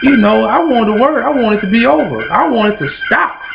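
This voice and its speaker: An extremely high, expressive, creaky voice belongs to a Kentucky man hosting with motivational preaching in a rhythmic, repetitive cadence at a moderate pace. Background noise and music sit under the dull lo-fi recording.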